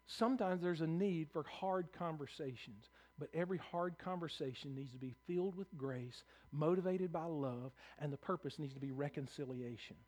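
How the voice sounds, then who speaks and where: A man preaching a sermon as pastor, earnest, often repeating words as he starts a phrase, moving between soft passages and raised, emphatic ones. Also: fairly high pitch, normal speed, hardly any pauses.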